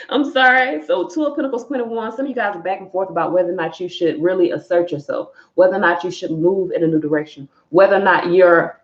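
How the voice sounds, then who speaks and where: Woman, tarot reader, candid, swears freely, low-pitched, lo-fi roomy recording. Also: fast, hardly any pauses. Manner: candid, profane, emphatic, addresses viewers as y'all. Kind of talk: live collective tarot reading.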